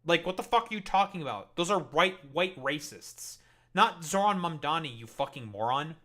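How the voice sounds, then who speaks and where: A man's voice: a little high, lively intonation, normal speed, sharp tone. A man streaming live and commenting in a heated, profane and sarcastic rant.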